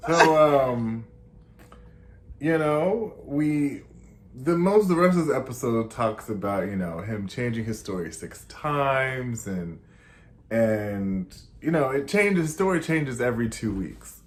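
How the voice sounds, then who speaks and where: Slow, lively-pitched male podcast co-host. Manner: reactive, exclaims and laughs loudly. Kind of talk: casual podcast chat.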